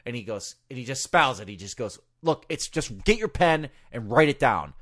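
A man's voice: medium pitch, normal speed, few pauses. A man co-hosting a casual podcast, telling stories with lots of acted-out quotes and swearing. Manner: animated storyteller, acts out quotes, swears. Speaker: podcast co-host, former ring announcer. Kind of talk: casual storytelling chat.

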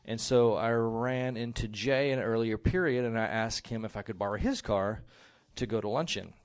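A man from Texas telling a personal story to an audience in a measured, scene-setting way. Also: medium pitch.

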